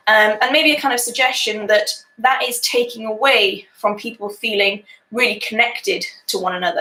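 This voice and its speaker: A woman's voice: mid-range voice, pushed and bright. A woman teaching a poetry lesson, explaining in a chatty way with many fillers. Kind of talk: poetry lesson with a read-aloud. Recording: echoey room.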